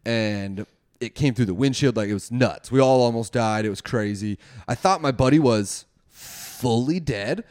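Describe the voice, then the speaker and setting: A man's voice: medium pitch, moderate pace, a little mellow. A young man casually telling a wild story, rambling, swearing a lot and laughing often.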